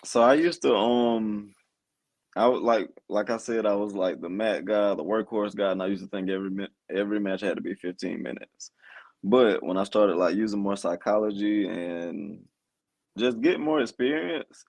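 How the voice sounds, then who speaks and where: A man with a low, gravelly voice chats as a podcast guest. He rambles and restarts often, filling gaps with fillers. His voice sounds dry and close, with little room sound. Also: fairly even intonation, moderate pace, darkish tone, no room sound. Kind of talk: casual podcast chat.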